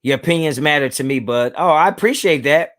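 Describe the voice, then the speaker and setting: A young man, hosting a live stream and casually reading viewer chat, laid-back and slangy, laughing often and swinging his pitch up and down. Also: brisk, fairly bright tone.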